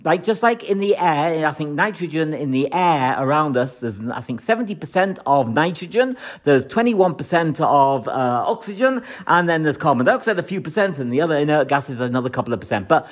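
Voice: mid-range voice, animated, a little fast, hardly any pauses. An astrologer talking through a forecast in a casual monologue, rambling and emphatic, repeating words for stress.

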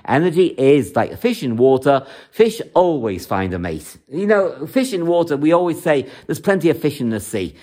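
A man's voice: mid-range voice, a little mellow. A man giving astrology forecasts for each star sign in an emphatic way, repeating phrases to drive his points home. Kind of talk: horoscope forecast talk.

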